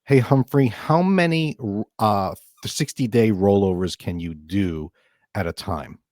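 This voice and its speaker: A middle-aged man with a fairly low voice hosts a financial radio talk show. He explains things casually, restarts his sentences and throws in emphatic asides. The sound is close and dry. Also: measured pace, a little mellow, no echo. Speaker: financial advisor and podcast host.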